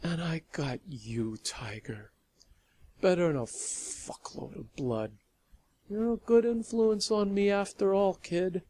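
The narrator of an audio story voicing a wounded woman vampire who is husky, crude and swears freely. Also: medium pitch, takes it slowly, dark tone, voice pushed up. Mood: tender, joking. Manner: swears freely, laughs giddily.

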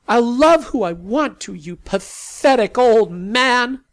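A man voicing a frightened, defiant young woman in an audiobook, pushing his voice far up and shouting. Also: lively intonation, takes it slowly, no echo, exaggerated voice. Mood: furious. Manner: shouting in a high strained voice.

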